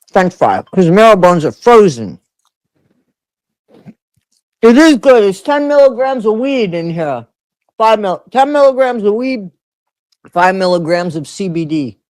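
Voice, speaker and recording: Brief: mid-pitched livestream host, chatty and loose, greets viewers by name, dry close-mic sound. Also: no room sound. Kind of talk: casual livestream chat.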